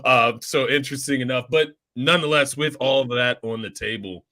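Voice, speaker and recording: Bright-voiced man, stammering fan talk. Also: mid-range voice, fairly quick, dry recording. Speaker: co-host of a sports podcast. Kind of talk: casual sports talk show.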